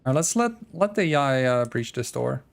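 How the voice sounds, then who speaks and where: A male streamer with a gravelly, fry-edged voice talks loosely to his chat while playing. He rambles and pokes fun at himself in a relaxed, offhand way. His pitch sits in an ordinary middle range for a man. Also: brisk. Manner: self-deprecating, rambling, joking. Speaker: game streamer. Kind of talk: casual live-stream chat while gaming.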